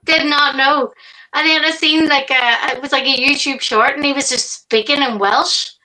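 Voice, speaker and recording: A woman co-hosting a live stream, chatting loosely and swearing freely. Her voice is high and bright. She tells stories in a rambling, easy way. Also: fairly even intonation, rough recording. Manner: sweary, chatty, quick to laugh. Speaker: co-host. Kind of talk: casual chat on a live stream.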